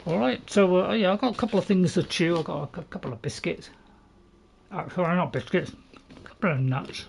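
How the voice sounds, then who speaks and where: A man's voice: high voice, fairly quick, creaky, a little hiss or hum. A British man with a chatty, rambling manner, giving casual let's-play commentary and playfully talking to his viewers. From Britain. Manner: chatty and rambling, talks to viewers while chewing, playfully self-mocking. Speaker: gameplay channel host.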